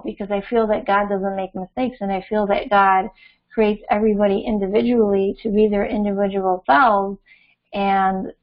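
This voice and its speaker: Rambling preachy woman, lo-fi audio. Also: medium pitch. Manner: rambling, preachy, many fillers. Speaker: astrology channel host. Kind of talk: casual opinion monologue. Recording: dull lo-fi audio.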